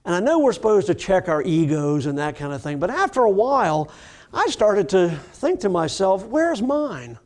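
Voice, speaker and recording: Middle-aged guy telling a recovery story, kinda high voice, acts out the talking bits, jokes at himself. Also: normal speed. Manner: animated storyteller who acts out dialogue; self-mocking, humorous. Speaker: addiction recovery doctor giving a talk. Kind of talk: personal storytelling in a recovery webcast.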